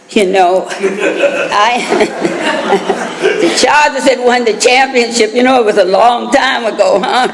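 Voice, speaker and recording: A woman's voice: a little high, gravelly. An older American woman telling her personal recovery story at a meeting, chatty and laughing through asides. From United States. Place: meeting hall. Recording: reverberant hall.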